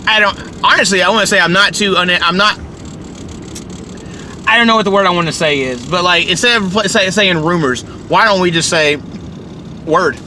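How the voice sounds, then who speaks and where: A man's voice: sits high, normal speed, pauses often, pushed and bright, a little hiss or hum. A man with a Kentucky accent hosting a podcast, ranting in casual, profane, rambling talk. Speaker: podcast host.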